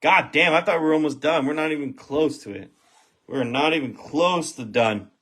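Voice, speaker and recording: A man hosting a live trading card box break, excitable and profane, shouting when big cards are pulled. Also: a little high, normal speed, slight background noise.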